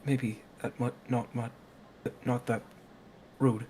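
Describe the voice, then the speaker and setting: A man playing a tabletop game, speaking hesitantly and in halting phrases. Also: mid-range voice, little pitch movement, warm tone, a little hiss or hum.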